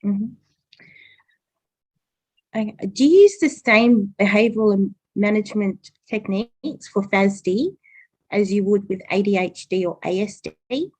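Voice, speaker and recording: A woman's voice: medium pitch, unhurried, darkish tone, low-quality recording. A woman moderating a webinar who asks brief, direct questions.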